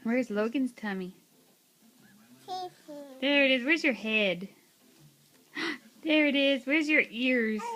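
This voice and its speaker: A woman's voice: on the high side, a bit bright. A mother chatting with her toddler in coaxing, sing-song baby talk, asking playful questions. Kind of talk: home video baby talk.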